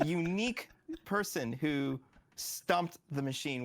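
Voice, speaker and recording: A man's voice: medium pitch, takes it slowly, a bit bright. A man appearing as a game developer guest in a casual studio interview, eagerly explaining and acting out what players say.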